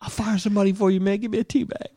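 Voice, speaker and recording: A man's voice: sits high, level tone, very fast, warm tone, dry recording, clean studio sound, voice pushed up. A man voicing a desperate male addict who keeps pleading for a fix in a whiny, repetitive way. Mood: begging.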